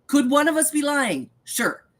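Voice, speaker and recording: A woman hosts a live talk show and makes her points bluntly and emphatically. Her voice sits fairly high and swoops lively up and down as she argues. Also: measured pace. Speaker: host. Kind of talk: live podcast chat.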